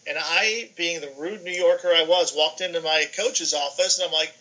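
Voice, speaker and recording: A middle-aged man from New York, a guest on a video call, telling lively stories and acting out the dialogue in them. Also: fairly high pitch, normal speed, rough recording. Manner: animated, acts out dialogue in his anecdotes. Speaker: guest, sports information director. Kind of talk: casual storytelling on a podcast.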